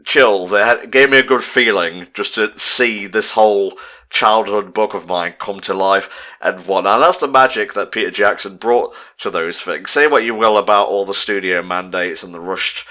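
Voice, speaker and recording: A man's voice: fairly low pitch, normal speed, pushed and bright. A young man chatting casually on a movie commentary, rambling with lots of fillers as he reads through a list. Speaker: commentary co-host.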